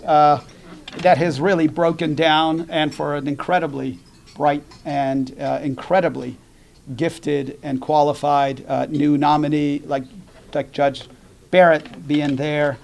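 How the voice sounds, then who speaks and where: A man's voice: on the high side, flat delivery, a little slow, vocal fry, darkish tone. A middle-aged man from the United States giving a policy talk at a dinner, telling jokes and stories in a conversational way. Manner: conversational, jokey storytelling with fillers. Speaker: dinner program speaker.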